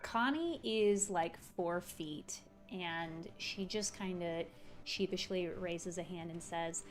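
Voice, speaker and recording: A woman's voice: lowish voice, takes it slowly. A woman playing a tabletop game, easygoing and asking questions. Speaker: player. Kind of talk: casual tabletop play.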